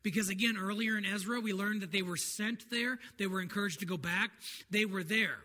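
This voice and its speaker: An earnest man preaches in a relaxed, conversational sermon style, his high voice carrying bright and forward. The sound rings with a long church-hall reverb. A faint noise sits underneath. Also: a little fast. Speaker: pastor.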